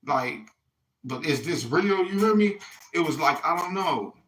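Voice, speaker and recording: A man's voice: a little high, animated, measured pace, a bit bright, low-quality recording. A man talking to his viewers in a loose, rambling monologue, swearing freely and repeatedly checking in with "you hear me". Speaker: vlogger.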